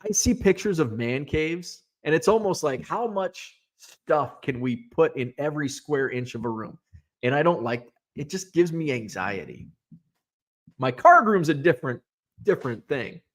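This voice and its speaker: A man's voice: fairly high pitch, animated, normal speed. Guy rambling on his card stream, chatty, lots of uh and like, answering comments. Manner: rambling, chatty, many fillers and restarts. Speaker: host of a sports card live stream. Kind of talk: casual live-stream chat reading viewer comments.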